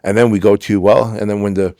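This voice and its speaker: A man's voice: fairly low pitch, level tone, a little fast, warm tone, no room sound, studio quality. A middle-aged man speaking as a podcast guest, telling personal stories emphatically, acting out dialogue and swearing now and then. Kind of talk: candid storytelling interview.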